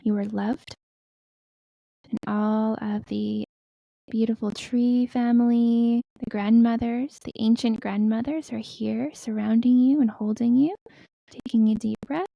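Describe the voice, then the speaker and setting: A guest spiritual healer leads a guided meditation in a very dark, mellow voice with gravelly fry, speaking softly, slowly and soothingly, sometimes dropping to a whisper and chanting in an invented light language. Her pitch is fairly high yet flat and even. The recording is dry, close and muffled, with no room sound.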